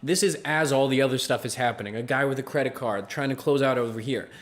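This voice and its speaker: A man's voice: mid-range voice, fast talker. A man co-hosting a podcast, telling a story in casual chat and acting out the people in it with bursts of laughter. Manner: animated storyteller, acts out quotes with laughs. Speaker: podcast co-host.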